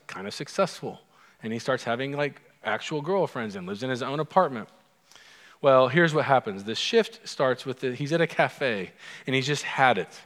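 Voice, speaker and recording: A male pastor at a mid pitch preaches in a relaxed, conversational way, slipping humorous stories into his sermon. His voice rings out with a long reverb, as if he is speaking in a large church sanctuary.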